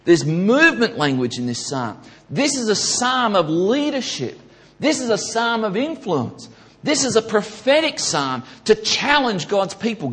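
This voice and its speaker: A man preaching a sermon, building to loud emphatic peaks and repeating his key questions. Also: sits high. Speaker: pastor.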